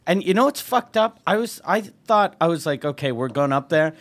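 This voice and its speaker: A man's voice: on the high side, lively intonation, normal speed, fairly bright tone. A male comedian and podcast host telling a story in a casual, profane way, laughing as he goes. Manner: profane, laughing as he tells anecdotes.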